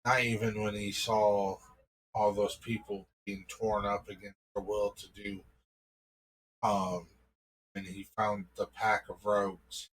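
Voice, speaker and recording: A man's voice: lowish voice, flat delivery, takes it slowly, fairly bright tone, a little hiss or hum, poor audio. A man improvising a story, telling it casually and loosely, with many "like" fillers.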